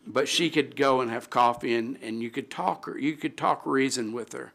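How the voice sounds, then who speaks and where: A middle-aged man, a city alderman, giving an emotional tribute at a council meeting, speaking haltingly with many restarts and pauses into a desk microphone. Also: medium pitch, gravelly, crowd noise.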